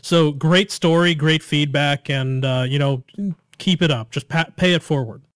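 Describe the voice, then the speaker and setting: Upbeat, higher-voiced male podcast host. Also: unhurried, clear, resonant tone, no echo, clean studio sound. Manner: upbeat, encouraging, addresses listeners directly. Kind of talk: casual podcast chat.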